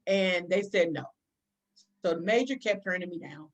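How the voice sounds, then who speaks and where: A middle-aged woman, a police chief, telling a career story in an interview, animated, acting out dialogue and often restarting sentences. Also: on the low side, moderate pace.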